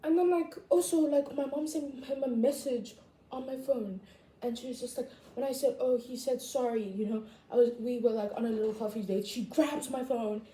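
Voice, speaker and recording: A woman's voice: a little high, moderate pace, slight background noise. Chatty teen girl ranting, echoey room. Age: teens. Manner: chatty, animated, full of "like" fillers. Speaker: vlogger. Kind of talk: casual rant to camera. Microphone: camera or phone mic.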